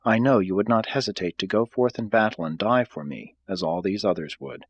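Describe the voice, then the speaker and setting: A man reading aloud, voicing a gentle, earnest male spiritual teacher in a calm, measured way. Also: on the low side, no room sound, highs cut off, lightly acted. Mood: tender earnest. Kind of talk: audiobook reading.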